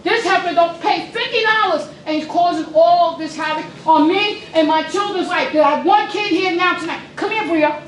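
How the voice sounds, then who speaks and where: A woman's voice: extremely high pitch, moderate pace, distant mic, slight background noise. An irate woman resident speaking emphatically during public comment at a meeting, recorded from afar in a meeting room. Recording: echoey room, picked up from afar.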